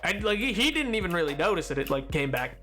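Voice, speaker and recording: A man's voice: high voice, big pitch swings, fast talker, bright, forceful tone, faint music behind. A man chatting casually while livestreaming a game, rambling from one thought to the next and laughing often. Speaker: streamer.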